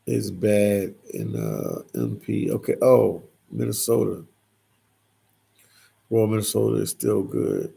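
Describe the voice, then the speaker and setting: A man with a low voice that sits deep in gravelly fry hosts a casual livestream. He reads out the chat and answers it in a loose, repetitive way, and his voice sounds husky. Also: lively intonation, takes it slowly, mellow. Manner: reads chat comments aloud and replies, repeats phrases. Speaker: livestream host reading viewer comments.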